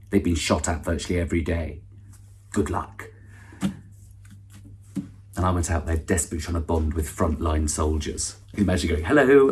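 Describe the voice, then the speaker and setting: With a low, darkish voice, a middle-aged man serves as awards host and comedian for an online ceremony. His stand-up monologue is dry and self-mocking, riddled with false starts and side remarks.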